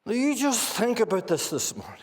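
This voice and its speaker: A man's voice: high-pitched, big pitch swings, brisk. A man with a Northern Irish accent preaching a sermon in a church meeting hall, earnestly putting questions to his listeners.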